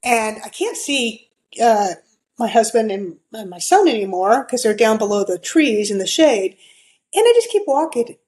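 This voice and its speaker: A woman's voice: fairly high pitch, sing-song, moderate pace, a little mellow, low-quality recording. A middle-aged woman, a podcast guest, telling a story in a chatty way, full of fillers and acted-out quotes. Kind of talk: casual storytelling.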